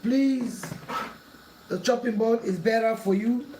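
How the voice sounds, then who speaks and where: Her voice fairly high and her pace slow, a cooking channel host works through a home kitchen tutorial, earnestly pleading and warning over and over. The background is noisy, with echo, clattering pots, and a mic placed at a distance.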